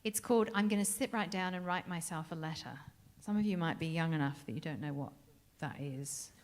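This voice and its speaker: A woman's voice: low-pitched, fairly quick. A woman from England, a jazz singer chatting and joking with the audience between songs on a club stage.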